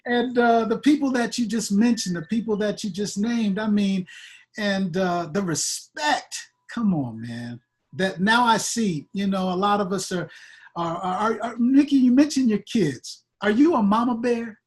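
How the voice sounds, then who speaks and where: A man hosts a casual interview, backing up his guest with steady affirmations. His questions come in loose, relaxed phrasing. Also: high voice, measured pace. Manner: encouraging, frequent affirmations. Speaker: talk show host.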